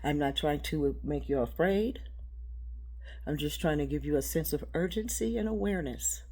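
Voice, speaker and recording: Woman, low-pitched, rambling spiritual talk; halting, repetitive, shifts between hushed and loud. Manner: halting, repeats words.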